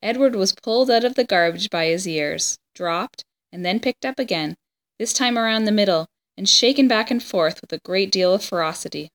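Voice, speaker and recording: A woman reading a children's chapter book aloud, with steady, even storytelling. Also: medium pitch, normal speed. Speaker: story reader.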